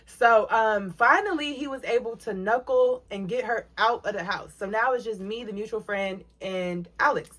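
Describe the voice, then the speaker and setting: A young woman, telling a storytime vlog story in an animated way, acting out what people said with big jumps in pitch. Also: normal speed, hardly any pauses. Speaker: vlogger.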